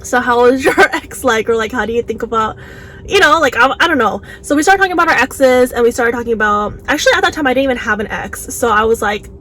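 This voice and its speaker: A young woman vlogger chatting casually while eating, animated and full of "like"s, recorded on a phone in a car. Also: fairly high pitch, quick pace, poor audio. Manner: chatty, animated, many "like"s, acts out quotes. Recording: faint background noise, phone recording.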